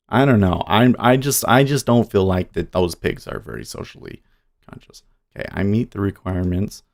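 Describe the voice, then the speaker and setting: A man's voice: lowish voice, a little mellow. Rambling man chatting on a livestream. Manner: rambling, halting, with many restarts. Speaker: livestream day trader. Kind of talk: casual livestream chat.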